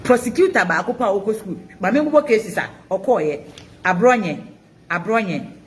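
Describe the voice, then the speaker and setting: A Ghanaian woman hosting a live stream, mixing Twi and English, reading viewer comments in an animated, chanting way. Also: fairly low pitch, a little hiss or hum. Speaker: host of an online news channel.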